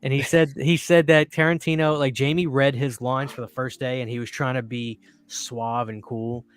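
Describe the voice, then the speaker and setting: A man hosting a casual podcast chat, telling animated stories, laughing often and swearing casually. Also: medium pitch, moderate pace, smooth. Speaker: podcast host.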